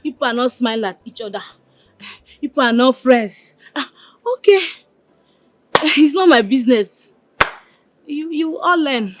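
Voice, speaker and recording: A woman's voice: high voice, measured pace, pauses often, a little hiss or hum. An actress with a Nigerian accent playing a nosy palace woman who mocks and laughs as she gossips, in a film scene. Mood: mocking. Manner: mocking, laughing, drawling. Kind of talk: Nollywood film acting.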